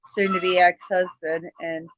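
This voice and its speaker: A woman's voice: lowish voice, little pitch movement, takes it slowly, dry recording, low-quality recording. A woman hosting a casual livestream chat. She sounds tired, swears often and laughs easily. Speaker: livestream host.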